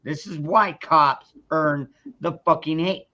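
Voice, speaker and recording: A man's voice: a little high, slow, pushed and bright. A man ranting on a casual livestream, angry and profane, stumbling through restarts as he talks. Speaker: streamer. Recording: dull lo-fi sound.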